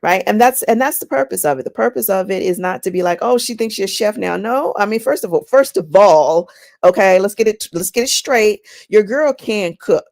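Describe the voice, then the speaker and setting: A woman hosting a casual, faith-based personal talk, chatty and animated, often repeating words as she goes. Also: mid-range voice, normal speed. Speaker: inspirational vlog host.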